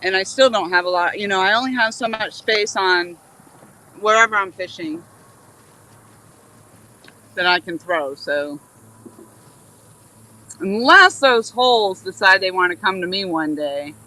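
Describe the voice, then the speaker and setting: A woman's voice: medium pitch, expressive, unhurried, pauses often, bright, forceful tone, poor audio. A woman hosting a live fishing stream outdoors by a river, chatting in a rambling, easygoing way. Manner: rambling, easygoing, laughs often. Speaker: livestream host fishing. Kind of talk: casual live-stream chat. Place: outdoors at a river boat dock.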